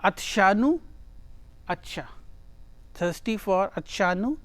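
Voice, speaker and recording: Patient grammar teacher, repeats key words, unhurried delivery, dead-dry sound. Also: mid-range voice, lively intonation, no echo. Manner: reads a phrase, then translates and explains it step by step; repeats words and phrases for emphasis. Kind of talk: Arabic grammar lesson.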